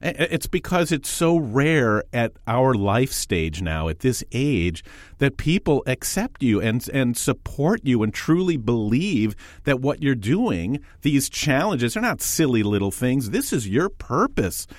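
A man's voice: mid-range voice, big pitch swings, a little slow, no room sound, clean studio sound. A man hosting a radio interview, asking encouraging, leading questions. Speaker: radio host.

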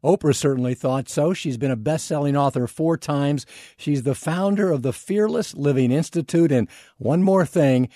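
Mellow, higher-voiced male radio host. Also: moderate pace, no echo, clean studio sound. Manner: upbeat, enthusiastic introductions. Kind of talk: radio show hosting.

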